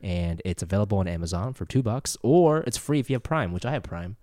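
A man's voice: lowish voice, lively intonation, quick pace, dark tone, no room sound. Young guy on a podcast, rambling crude jokes, dry close sound. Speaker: podcast co-host. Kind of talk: casual chat.

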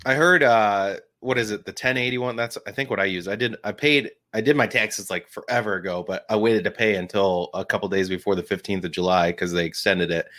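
A podcast co-host with a low, slightly bright voice rambles through casual chat. His speech is full of fillers and restarts.

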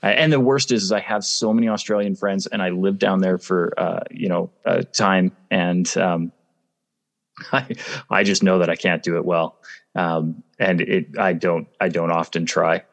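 A man from Canada speaks as a guest over a video call in a fairly low voice. He is playful and laughs often. He stumbles and restarts as he talks. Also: fairly even intonation, normal speed, vocal fry. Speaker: actor and guest. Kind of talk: casual interview chat.

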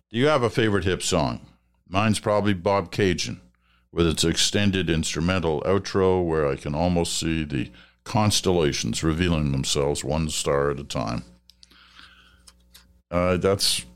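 Older man, Canadian accent, very deep voice, podcast host, reads listener letters, relaxed, chuckling. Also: creaky. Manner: relaxed, musing, chuckles often. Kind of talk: casual chat, reading listener letters.

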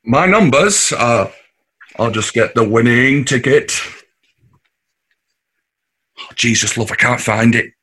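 A man's voice: mid-range voice, slow pace, long pauses, bright, forceful tone, slight background noise. An actor with a Mancunian accent playing a scheming, boastful working-class husband and father, cocky and coarse. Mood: teasing. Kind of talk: audio drama acting.

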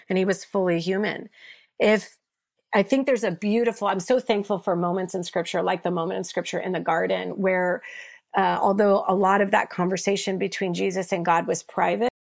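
A woman's voice: mid-range voice, vocal fry. A woman pastor and author as a guest, speaking in an earnest preacher's cadence about faith. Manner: earnest preacher's cadence, voices biblical figures with rising intensity. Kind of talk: passionate faith conversation.

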